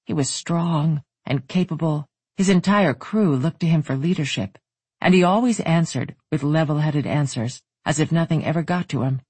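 Husky-voiced audiobook narrator. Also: mid-range voice, a little mellow, no echo. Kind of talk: scripted romance audiobook narration.

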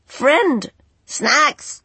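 Shrill screeching bird creatures, audiobook character voice. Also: expressive, very slow, sharp tone, no echo, heavily acted. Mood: agitated squawking. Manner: shrill screeching single words. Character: squawking bird-like angels, small-minded and excitable.

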